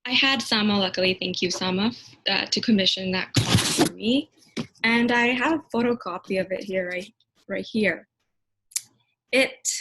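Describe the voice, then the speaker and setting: A woman in her twenties gives a heartfelt, earnest speech as a new lawyer. She talks over a video call at a middle pitch. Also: pushed and bright, low-quality recording. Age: 20s. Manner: earnest, emotional, laughs now and then.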